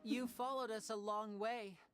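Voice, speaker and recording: An actor playing a guarded young male stage magician in a video game, speaking in a hushed, secretive way. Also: high-pitched, fairly even intonation, a little slow, faint music behind. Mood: wary.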